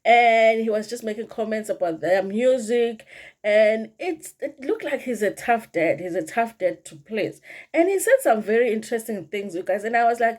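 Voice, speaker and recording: A woman's voice: medium pitch, normal speed, darkish tone. A middle-aged woman with a South African accent, chatting casually to viewers as she recaps a reality show episode and slips into Zulu phrases. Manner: chatty, addresses viewers as "you guys", mixes in Zulu phrases. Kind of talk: casual commentary vlog.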